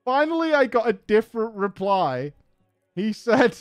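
A man with a high, bouncy voice reads a story aloud for laughs. He keeps breaking off into swearing, giggling commentary. His voice is dry and close, and faint music plays behind it. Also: measured pace, clear, resonant tone, no echo. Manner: animated, profane, laughing asides. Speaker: podcast host reading a story. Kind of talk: comedic story reading with commentary.

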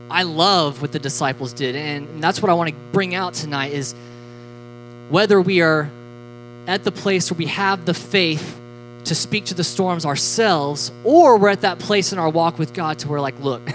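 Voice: mid-range voice, moderate pace, rough recording. Joking youth preacher, casual sermon, faint music under. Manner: animated and joking, with frequent laughs and fillers. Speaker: youth pastor.

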